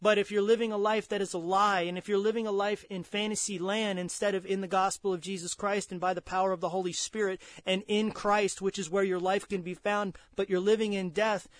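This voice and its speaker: Fervent high-voiced male preacher. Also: little pitch movement, fairly quick, hardly any pauses, no room sound. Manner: fervent, repeats words, rises in pitch and volume when pressing a point. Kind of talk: sermon.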